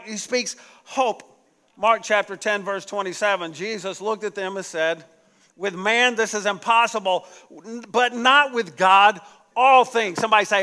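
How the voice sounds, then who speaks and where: A man's voice: sits high, unhurried, sharp tone. A man preaching a sermon as pastor, with call-and-response lines and emphatic repetition, recorded in a church sanctuary. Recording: echoey church hall.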